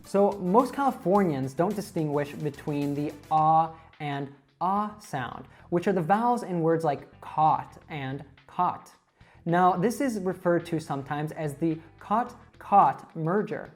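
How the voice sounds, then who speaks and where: A woman narrating a scripted lesson on American accents in a clear, upbeat, explanatory way. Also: sits low, darkish tone. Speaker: accent teacher.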